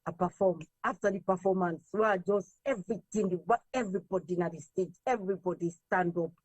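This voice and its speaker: Sierra Leonean woman telling a lively story. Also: on the low side, fairly quick, dry recording, highs cut off. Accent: Sierra Leonean, mixing in Krio. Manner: lively, quotes others in raised voices, slips between English and Krio. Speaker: interview guest, singer. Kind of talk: animated storytelling in an interview.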